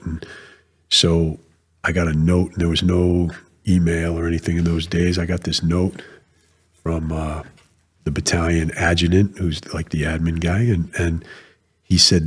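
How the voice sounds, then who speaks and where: A man's voice: deep voice, level tone, measured pace, long pauses, slightly rough. An older man from New England, a retired Marine colonel, telling rambling stories in a casual interview, with frequent restarts.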